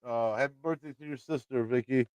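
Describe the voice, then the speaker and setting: Midwestern man, livestream host, loose rambling storyteller, smooth clear voice, dry close sound. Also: medium pitch, brisk, darkish tone, no room sound, muffled recording. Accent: American Midwestern. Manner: rambling, swears freely, laughs often. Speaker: channel host talking to live chat.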